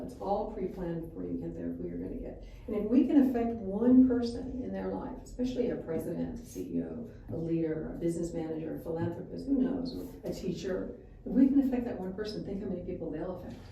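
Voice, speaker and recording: Fast-talking woman with a dark voice. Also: lowish voice, creaky. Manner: fast, lively storyteller who acts out dialogue. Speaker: spa executive guest. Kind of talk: conversational interview, storytelling. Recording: echoey room, mic far off, faint noise.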